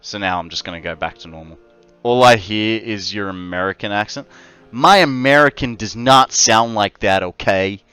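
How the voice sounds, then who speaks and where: A man's voice: lowish voice, normal speed, sharp tone, smooth, no room sound. An Australian man streaming a game, chatting and joking with his viewers. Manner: joking, chats with viewers as he plays. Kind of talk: casual livestream chat. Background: faint background music.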